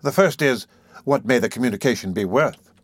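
A man voicing a shrewd, composed middle-aged matron who bargains slowly and deliberately. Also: mid-range voice, expressive, husky, no room sound. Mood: calculating. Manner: cool and deliberate, slow measured lines.

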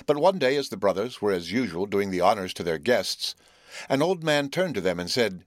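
A man reads an old fairy tale in a measured, steady way, his voice sitting fairly low. The recording is dry and close, with no room sound around him. He nudges his pitch up a touch when characters speak. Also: no echo. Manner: measured, gently lifts pitch for quoted characters. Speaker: audiobook reader. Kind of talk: scripted fairy tale narration.

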